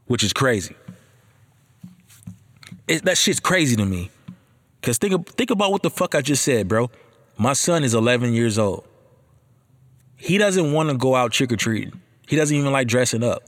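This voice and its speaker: A man in his thirties hosting a casual monologue. He talks in an animated, slangy way and swears a lot. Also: mid-range voice, moderate pace.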